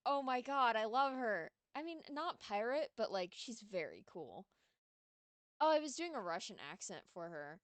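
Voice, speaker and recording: A woman streaming a courtroom game, reading the dialogue aloud and chatting excitedly between lines. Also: fairly high pitch, moderate pace, no room sound. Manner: chatty, excitable, giggly asides. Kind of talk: casual let's-play commentary, reading lines.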